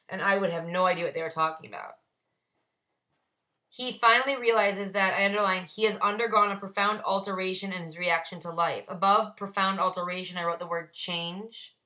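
A fairly low, bright and forceful voice belongs to this AA Big Book study leader from Ohio. Her approach is to read the text aloud and then explain the notes she jotted alongside it.

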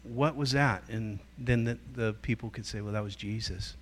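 With slight background noise in the recording, a middle-aged man with a fairly low pitch speaks at normal speed. As a guest teacher at a church gathering, he tells spirited stories, acts out quoted voices, and shifts his delivery.

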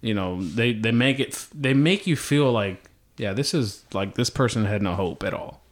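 A man's voice: fairly low pitch, expressive, normal speed. A man chatting casually as a podcast guest, rambling with many fillers and restarts. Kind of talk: casual chat.

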